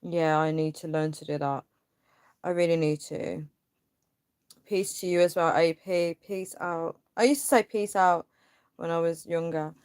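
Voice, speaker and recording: A woman's voice: lowish voice, fairly even intonation, measured pace, darkish tone, clear, resonant tone, dry recording, studio quality. A young woman hosting a casual livestream. She reads viewers' comments aloud and vents her frustration in a rambling way, with lots of fillers. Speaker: livestream host.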